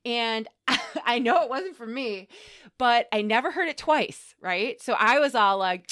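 A woman co-hosting a podcast, telling a personal story in casual chat, animated and laughing often, with plenty of swearing. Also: a little high, unhurried. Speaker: podcast co-host.

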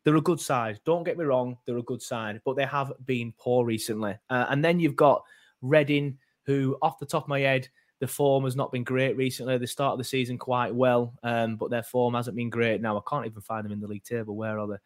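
A man's voice: medium pitch, steady tone, brisk. A man hosting a casual football fan podcast, rambling with many fillers and restarts. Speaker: podcast host.

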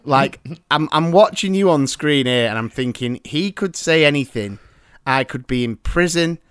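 A man's voice: fairly high pitch, lively intonation, moderate pace, a bit bright, clean tone, no room sound, studio quality. A man hosting a podcast, chatting casually and joking at his own expense with nervous restarts. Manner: joking, self-mocking, restarts when nervous. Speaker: podcast host. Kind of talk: casual chat.

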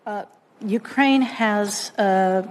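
A woman official answering a senator's questions in a hearing, speaking in a measured, careful way. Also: mid-range voice, slight background noise. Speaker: government official testifying. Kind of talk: hearing testimony. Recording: archive hearing audio in a reverberant room.

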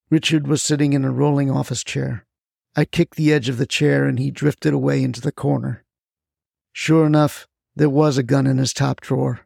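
A man narrating a first-person crime story in a terse, deadpan way. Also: medium pitch, moderate pace, gravelly, no room sound, clean studio sound.

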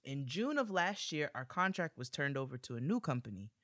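A man co-hosting a podcast in casual chat, animated and joking as he reads a listener's letter aloud. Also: medium pitch, a little fast, no echo, studio quality. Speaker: podcast co-host.

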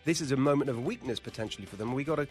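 A man's voice: mid-range voice, rapid-fire, a little mellow, soft background music. An indignant male pundit with a mid-range voice, talking emphatically and stumbling over repeated words. He pushes his points hard. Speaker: political commentator guest. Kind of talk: heated political commentary.

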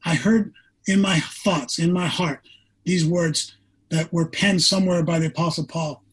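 A man in his sixties, a former pro quarterback, telling a personal story as a podcast guest, earnest and animated, acting out what people said. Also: fairly high pitch, measured pace, husky, rough recording.

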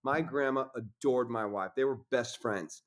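A man's voice: mid-range voice, unhurried. A man talking as a podcast guest in casual conversation, intense and preachy, swearing freely.

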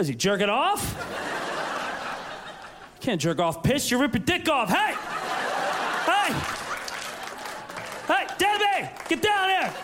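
A man's voice: high-pitched, voice pushed down, heavily acted. A male comedian voicing a contented neighbor in his sixties with a lazy drawl, on a noisy live stage recording. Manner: lazy, contented drawl, then gleeful hollering.

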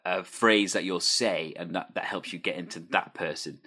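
A man's voice: low-pitched, fairly even intonation, normal speed, bright, forceful tone, breathy edge. A man hosting an interview, asking chatty, fluent questions about improv and character work. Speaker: interviewer, host. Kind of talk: casual interview.

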